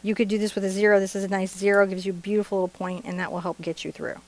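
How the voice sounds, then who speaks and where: This art instructor, a middle-aged woman, talks rapid-fire in a level, mid-range voice that's a little mellow. Her live-streamed painting lesson is chatty and playful, with jokes and laughter between steps.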